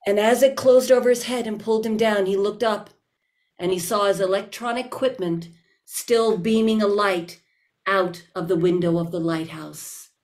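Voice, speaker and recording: A woman improvising a dark story with dramatic narration. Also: medium pitch, steady tone, moderate pace. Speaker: improv player.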